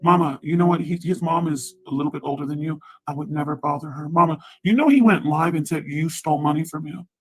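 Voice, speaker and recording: A woman's voice: low voice, fast, hardly any pauses, a little mellow, breathy edge, rough recording. A woman livestreaming a heated, profane rant who also pleads with her mother on the phone.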